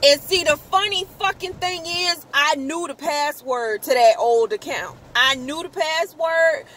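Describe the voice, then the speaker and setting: High-voiced woman telling a story. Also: poor audio. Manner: animated, profane, exclaims in quoted outbursts. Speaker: vlogger. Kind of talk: casual storytelling.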